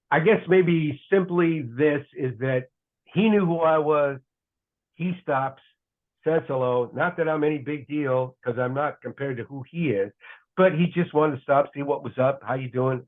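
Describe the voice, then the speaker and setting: A middle-aged man, a guest broadcaster, telling casual rambling stories on a podcast and correcting himself as he goes. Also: on the high side. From United States. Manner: rambling, self-correcting anecdotes. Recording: tinny phone-like line.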